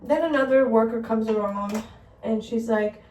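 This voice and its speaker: A woman's voice: fairly high pitch, normal speed, darkish tone. Chatty young woman, roomy and distant. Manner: chatty, heavy use of "like", rambling storytelling. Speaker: vlogger. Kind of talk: casual chat.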